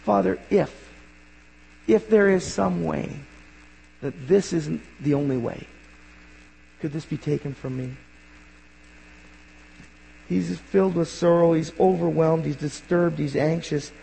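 A male pastor preaching a sermon in an earnest way, rising to emphatic bursts and dropping quiet. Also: fairly high pitch, slow pace, creaky, long pauses, breathy edge. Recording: long hall reverb.

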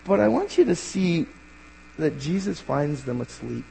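Gravelly preacher guy, earnest sermon, punchy then hushed, big reverby church. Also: a little high, sing-song, measured pace, a little hiss or hum. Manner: earnest, builds to emphatic bursts then drops quiet. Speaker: pastor. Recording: long hall reverb.

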